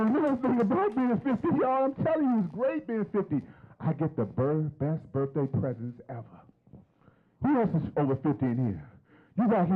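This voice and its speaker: A man's voice: high-pitched, husky, narrow, tinny audio. A man in his fifties doing a stand-up comedy set on stage, chatty and teasing the crowd with questions. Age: 50s.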